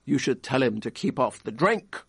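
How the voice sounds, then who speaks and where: A man's voice: medium pitch, very animated, normal speed, vocal fry, fairly bright tone, breathy edge, dry recording, studio quality, full character voice. A man voicing a large, stern, irascible cashier with a ringing, magisterial voice.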